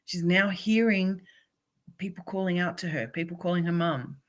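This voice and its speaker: Working as a spiritual coach, a woman does live oracle card readings, warmly encouraging each viewer and calling them by name. Her voice is slightly low and her pace moderate.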